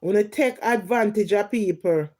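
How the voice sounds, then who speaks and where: A woman's voice: mid-range voice, moderate pace, darkish tone. A woman from Jamaica with a Jamaican accent, ranting heatedly in emphatic patois on a live stream. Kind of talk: casual live-stream rant.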